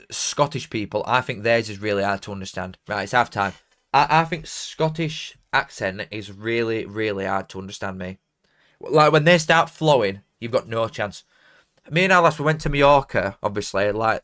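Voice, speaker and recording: A man's voice: lowish voice, a bit bright. A young man with a Barnsley accent chatting casually on a live football watchalong, rambling and self-mocking while reading out donations. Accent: Barnsley, South Yorkshire. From South Yorkshire, England. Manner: rambling, self-mocking, broad dialect grammar.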